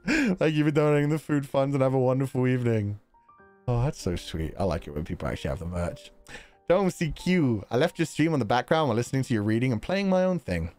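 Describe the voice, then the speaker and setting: A man streaming live, reading out viewer donations and chatting in an animated, rambling way, often breaking into laughter. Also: medium pitch, a little fast, faint music behind.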